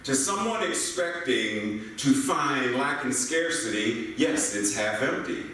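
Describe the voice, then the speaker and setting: Animated older American man preaching in an echoey hall. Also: medium pitch, takes it slowly. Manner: animated, playful storytelling with rhetorical questions. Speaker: minister. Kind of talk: sermon. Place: church sanctuary. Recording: echoey hall mic from far off.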